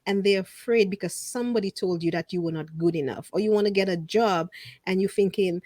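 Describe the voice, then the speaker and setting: A woman in casual interview chat, animated and quick to laugh. She slips into other people's voices as she retells what they said. Her voice sits at a middle pitch and is recorded close and dry, with no room around it. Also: no room sound. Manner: animated storyteller who acts out quotes and laughs often. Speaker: podcast guest and fellow podcast host.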